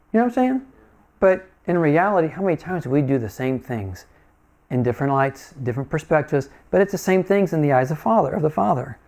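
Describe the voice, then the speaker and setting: A man's voice: on the high side, a little mellow. A man preaching a sermon in a conversational, folksy way, often asking his listeners questions.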